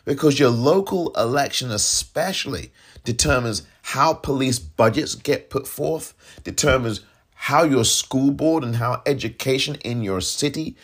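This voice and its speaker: Fiery, husky-voiced male podcast host. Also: mid-range voice, animated, measured pace, fairly bright tone. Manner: fiery, exasperated, mocking others in put-on voices. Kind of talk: impassioned political commentary.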